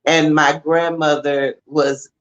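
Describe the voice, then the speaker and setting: Slow, relaxed male storyteller. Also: fairly high pitch, muffled recording. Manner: slow, relaxed anecdotes with pauses. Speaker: guest. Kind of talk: casual storytelling.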